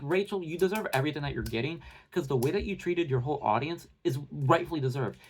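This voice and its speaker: A young man delivering a heated, profane, sarcastic rant to his viewers, talking in fast bursts with many fillers. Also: mid-range voice. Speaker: commentary channel host.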